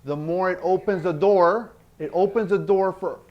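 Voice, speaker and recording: A man's voice: high-pitched, normal speed, lo-fi sound. A man presenting a workshop indoors, earnest, repeating key phrases and checking in with the group. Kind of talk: teaching a workshop. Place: indoor event space.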